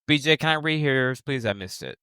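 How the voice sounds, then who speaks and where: Guy guesting on a podcast over a headset, laughs a lot, bright dry voice. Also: medium pitch, animated, fast, clean tone, dry recording. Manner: giggly, easygoing. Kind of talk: casual podcast chat. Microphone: headset on a video call.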